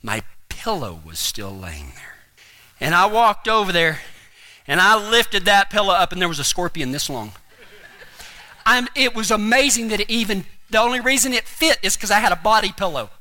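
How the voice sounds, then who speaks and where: Preacher guy, high bright voice, bouncing all over, folksy and funny. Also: moderate pace. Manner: animated, comic, folksy. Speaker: pastor. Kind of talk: humorous storytelling sermon.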